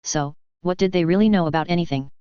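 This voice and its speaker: A narrator reading a fantasy web novel aloud in a steady, even audiobook style. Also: mid-range voice, fast talker, clear, resonant tone, no echo, dull audio.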